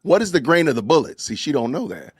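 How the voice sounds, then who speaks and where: A man's voice: a little high, big pitch swings, fast talker, slightly rough, dry recording, clean studio sound. A man hosting a live podcast, reacting to clips with laughter and disbelief. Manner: laughing, incredulous, exclamatory. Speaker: podcast host. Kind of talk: live-stream reaction commentary.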